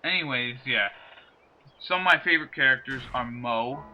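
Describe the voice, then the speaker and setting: A man's voice: medium pitch, moderate pace, sharp tone, soft background music, poor audio. Chatty man rambling over gameplay. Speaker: let's play host. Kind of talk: casual gameplay commentary.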